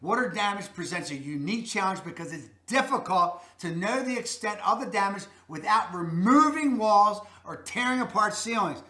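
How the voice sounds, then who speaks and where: Emphatic Baltimore man, bright echoey voice. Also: high voice, animated, normal speed, few pauses. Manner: folksy, emphatic, repeats "that's a fact". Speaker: real estate host. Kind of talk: direct-to-camera real estate advice.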